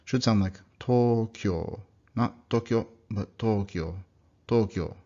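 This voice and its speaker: Low-voiced man teaching pronunciation. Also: dark tone. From United States. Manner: explanatory, demonstrates words slowly and repeats them. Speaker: language teacher. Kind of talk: recorded slide lecture. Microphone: computer mic. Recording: dull lo-fi computer recording.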